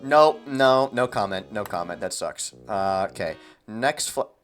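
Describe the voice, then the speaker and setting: A man's voice: fairly low pitch, expressive, a little slow, music in the background. A young man delivering a mock-outraged comedic rant, exasperated and repeating himself for effect. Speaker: comedy video host.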